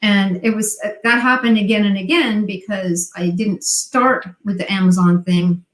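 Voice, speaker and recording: A woman's voice: medium pitch, steady tone, normal speed. Middle-aged woman telling a story in an echoey room. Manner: acts out remembered dialogue in quoted voices. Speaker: guest, online seller. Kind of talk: storytelling interview talk.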